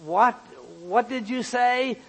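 A man's voice: slow, fairly bright tone, big-room sound, full character voice. A man voicing a frightened man clinging to a branch on a cliff face, hollering in a raised voice for help. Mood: desperate. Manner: desperate hollering, raised pitch.

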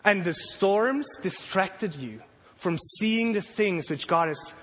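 A man preaching a sermon to children and a congregation, telling the story with animated energy and acting out the voices of the disciples. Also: high voice, takes it slowly. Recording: long hall reverb.

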